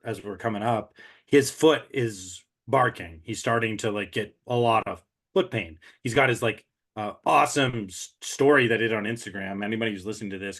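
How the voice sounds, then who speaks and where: A man in casual chat about an ultramarathon, slangy and pumped up, his voice trailing off softly at times. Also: on the low side. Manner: hype-driven, slangy, trailing off quietly.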